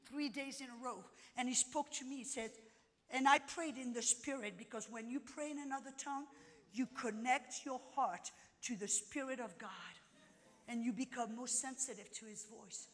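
Woman preacher, high voice, hall reverb, dynamic hushed-to-shouting delivery. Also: moderate pace. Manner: emphatic, swings from hushed to shouting. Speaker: conference speaker. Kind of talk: sermon. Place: conference hall.

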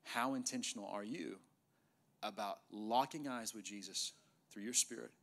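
A middle-aged male pastor preaching an emphatic sermon in a church, sometimes dropping to a hushed voice for effect. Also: on the low side, moderate pace, vocal fry. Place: church sanctuary.

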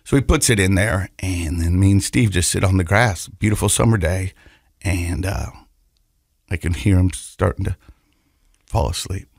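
A man's voice: deep voice, normal speed, gravelly, husky, no room sound, studio quality. A man co-hosting a podcast, telling a personal story in a rambling way with restarts and laughter, turning earnest and reflective. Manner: rambling, repeats words, laughs while telling. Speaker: podcast co-host. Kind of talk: casual storytelling.

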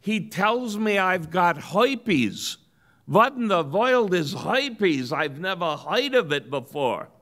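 Man doing a frantic old Yiddish wife, high and shrill, drawn out for a joke. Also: sing-song, takes it slowly, fairly bright tone, full character voice. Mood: alarmed. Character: anxious older Jewish wife, panicky and bewildered. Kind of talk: joke telling.

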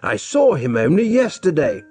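A man voicing an earnest village priest who speaks in a measured, concerned way. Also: fairly high pitch, sing-song, a little mellow, faint music behind, pitched above the performer's own voice. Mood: shocked. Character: older male village priest, earnest and brisk.

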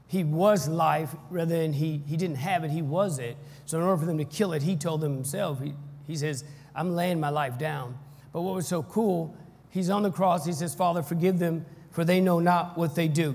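High-voiced preacher in an echoey hall. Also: male voice. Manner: energetic preaching with call-and-response, shouting at peaks. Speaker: pastor. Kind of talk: sermon. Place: church hall.

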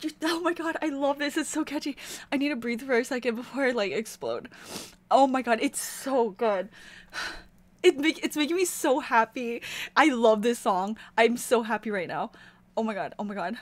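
A woman giving an excited reaction commentary on a music video, gushing and squealing with breathless exclamations. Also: on the high side, moderate pace. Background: faint pop music playing.

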